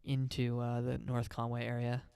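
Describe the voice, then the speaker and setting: A man's voice: medium pitch, monotone, moderate pace, creaky, warm tone, clear, resonant tone, no echo. A young man, co-hosting a casual podcast chat, rambling and swearing loosely. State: hiccuping. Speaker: podcast co-host.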